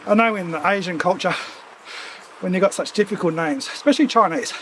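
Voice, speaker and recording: A man's voice: high voice, animated, brisk, a bit bright, a little hiss or hum, low-quality recording. Chatty man with a runny nose. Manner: rambling, chatty, with offhand asides. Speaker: streamer hosting a cycling ride-along. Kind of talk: casual chat while riding.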